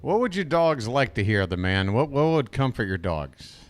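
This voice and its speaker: A man's voice: medium pitch, big pitch swings, moderate pace. A man doing casual live-stream baseball commentary, rambling and crude, talking to himself between plays.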